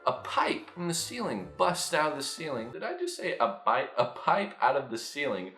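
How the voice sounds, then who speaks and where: A young man telling a casual, profane dream story, jumping into loud high-pitched impressions. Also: wildly swooping pitch, moderate pace. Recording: echoey room with faint music.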